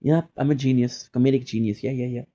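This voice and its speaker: Playful teasing young man, mellow voice. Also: mid-range voice, steady tone, quick pace, muffled recording. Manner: playful and teasing, bursts into mock outrage and repeated phrases. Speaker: live streamer chatting with viewers. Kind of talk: casual chat.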